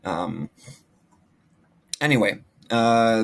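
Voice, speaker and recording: A man with a low voice talks casually about his emails. He rambles and stops often to restart his sentences with fillers. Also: normal speed. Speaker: online marketing vlogger. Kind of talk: casual screen-share walkthrough.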